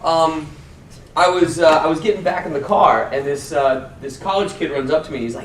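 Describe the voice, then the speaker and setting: A man, an actor on a convention panel, telling casual anecdotes with lively impressions of fans. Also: fast, slight background noise. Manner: animated storyteller, mimics fans in high voice. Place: convention hall. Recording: roomy hall, distant mic, faint ambience.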